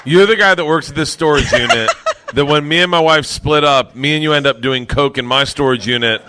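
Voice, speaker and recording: A man's voice: fairly high pitch, brisk, noisy background. A man on a comedy show panel telling a wild story, laughing and swearing as he goes. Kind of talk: storytelling banter. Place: comedy club stage.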